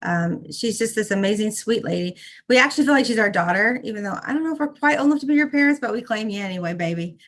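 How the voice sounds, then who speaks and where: A woman's voice: mid-range voice, lively intonation, fast. A middle-aged woman co-hosting a members' call, effusive and motherly, talking in a casual chat style. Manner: effusive, motherly, fiercely protective.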